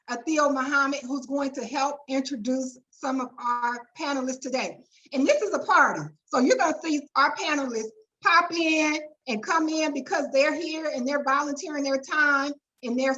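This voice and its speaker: A woman's voice: sits high, lo-fi sound. A woman hosting a webinar, chatty and colloquial. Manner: chatty, warm asides and colloquial "y'all". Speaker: webinar host and attorney. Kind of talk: lively webinar introduction.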